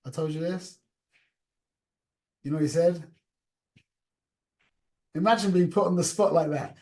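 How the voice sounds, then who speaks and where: A man with a fairly high-pitched voice teaches an informal class over a call. He talks in an animated, conversational way. He restarts his sentences often and mixes in Yiddish and Hebrew words. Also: measured pace.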